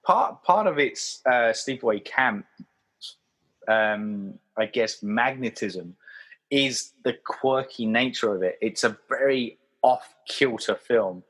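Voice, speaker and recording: A man chats through a film discussion on a podcast, circling his points with plenty of fillers and false starts. His voice has a husky, rough edge to it. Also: medium pitch, lively intonation, slow pace, fairly bright tone. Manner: rambling, many fillers and restarts. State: hiccuping. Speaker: podcast co-host.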